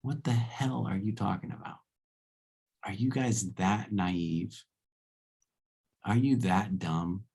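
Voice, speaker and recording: A furious, scornful ancient Greek man played by a lecturer yells at the people around him, rough-edged and gravelly even when he raises his pitch. He fires off mocking rhetorical questions with husky contempt. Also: unhurried, full character voice.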